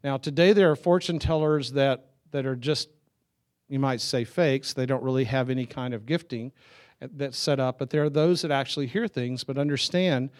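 A man's voice: mid-range voice, moderate pace. A middle-aged man preaching a sermon, telling stories in a loose, conversational way with chuckles and restarts. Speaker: pastor.

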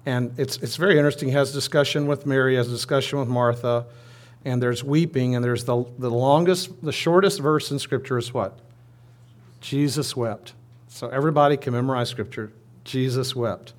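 Male preacher, informal storytelling sermon, mid-pitched voice, chatty asides. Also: steady tone, normal speed.

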